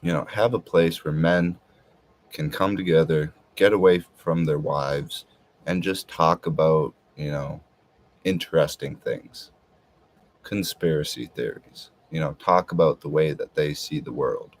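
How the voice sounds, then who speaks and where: A man's voice: rumbling low, fairly even intonation, measured pace. A man talking in a casual, rambling monologue, hesitant and full of filler words. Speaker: podcast host.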